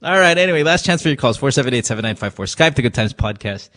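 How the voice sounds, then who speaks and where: Lively laughing male call-in host. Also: medium pitch, fast, slight background noise. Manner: laughing, loose and profane. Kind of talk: casual late-night call-in talk. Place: radio studio.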